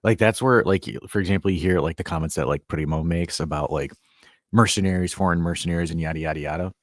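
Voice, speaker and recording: A man hosting a casual sports podcast, animated and sarcastic, rambling with lots of "like". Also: sits low, quick pace, dry recording, studio quality. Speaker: podcast host.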